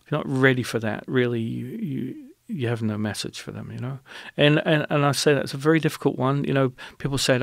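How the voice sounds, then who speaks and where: A man with a gravelly, creaky voice tells a personal story as a radio interview guest. He talks in an animated, rambling way and restarts often. The recording is dry and close. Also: medium pitch, a little fast, hardly any pauses, no echo.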